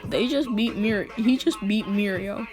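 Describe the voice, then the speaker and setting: A woman's voice: medium pitch, unhurried, a little mellow, soft background music. A woman casually telling a fan-fiction story in slangy, joking talk, often breaking into laughter.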